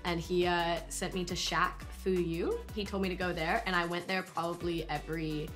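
A young actress speaks in a bubbly press junket chat, often breaking into laughter. Her voice sits a little low for a woman. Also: flat delivery, normal speed, a bit bright, soft background music. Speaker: actor promoting a film.

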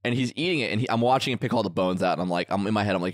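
A man's voice: lowish voice, rapid-fire, hardly any pauses, dry recording, studio quality. A man co-hosting a podcast, telling a story in casual chat, acting out the quotes and swearing freely. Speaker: podcast co-host.

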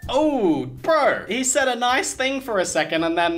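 A young man streaming a game, reacting with animated, sarcastic, slangy comments and frequent laughter. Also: extremely high pitch, measured pace, soft background music. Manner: laughs often. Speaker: gaming streamer. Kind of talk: let's play commentary.

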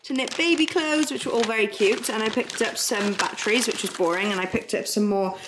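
A woman's voice: a little high, brisk. A woman chatting casually to camera in a home vlog, rambling and giggly. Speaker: vlogger. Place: home indoors. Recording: roomy echo, faint noise.

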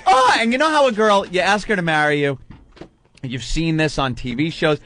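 A man hosting a radio show, telling animated stories in casual banter and mimicking people as he goes, from a studio microphone. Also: fairly high pitch, fairly quick. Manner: animated storyteller, mimics people mid-story.

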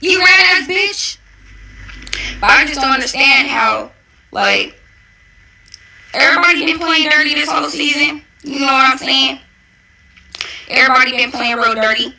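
Sharp-voiced young woman in a profane rant. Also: high voice, moderate pace, creaky, pauses often, low-quality recording. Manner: profane, confrontational and taunting. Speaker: reality show cast member. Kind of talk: angry social media rant.

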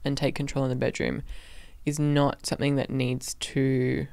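Gravelly-voiced woman, calm co-host. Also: a bass voice, moderate pace, no room sound. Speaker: co-host and partner. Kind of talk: casual chat.

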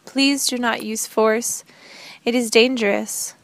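A woman reading the lines of a calm, gentle young woman in an audiobook, speaking earnestly and evenly. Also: a little high, unhurried, no room sound, close to an everyday voice.

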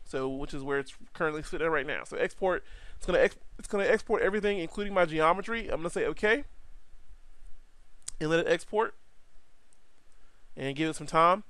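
Smooth-voiced man talking through a tutorial. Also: fairly high pitch, brisk, a bit bright, no echo. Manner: rambling, self-correcting, jokey asides. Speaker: software tutorial instructor. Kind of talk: casual screen-recorded tutorial.

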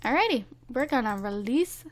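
A woman's voice: a little high, expressive, normal speed. A woman hosting a casual let's-play, chatting to her viewers and teasing the game characters, with lots of filler words. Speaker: gameplay video host.

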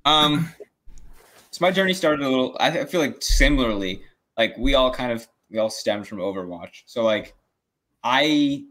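A man's voice: medium pitch, expressive, moderate pace, a bit bright. A man co-hosting a casual podcast chat, laid-back and a little hesitant. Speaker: podcast co-host.

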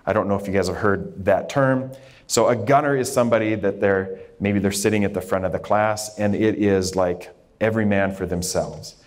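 A man's voice: on the low side, steady tone, moderate pace. A man who grew up in Idaho, a dermatologist giving a candid, informal talk to a group of students, with frequent fillers and restarts. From Idaho, USA.

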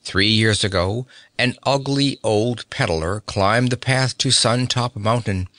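A man voicing a fussy, emotional old nobleman who talks quickly and excitably. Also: lowish voice, no room sound, clean studio sound. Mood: earnest. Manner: excitable and rapid.

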